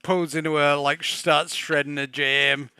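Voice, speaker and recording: A man's voice: on the high side, little pitch movement, unhurried, sharp tone. A man narrating a tabletop game as game master, playful and laughing.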